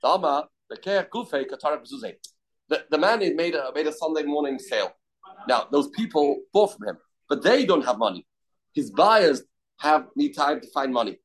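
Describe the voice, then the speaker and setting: A man's voice: fairly high pitch, animated, moderate pace, breathy edge, low-quality recording. A man teaching a daily Talmud class, explaining loosely with restarts and of terms.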